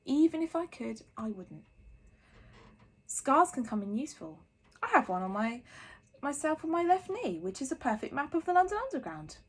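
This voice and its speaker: A woman reading aloud and voicing a calm, gentle old male wizard who speaks in a measured way. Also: high-pitched, voice pushed up.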